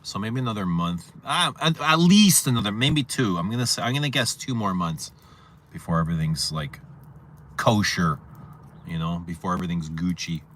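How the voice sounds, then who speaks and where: A man's voice: sits low, lively intonation, moderate pace, a bit bright, slight background noise. A man hosting a fragrance livestream, chatting casually, rambling and repeating himself as he answers viewer questions. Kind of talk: casual livestream chat reading viewer comments.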